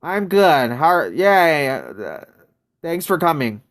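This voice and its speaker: A man's voice: fairly high pitch, sing-song, slow, a bit bright. A man streaming a mobile basketball game, chatting casually and greeting viewers from chat.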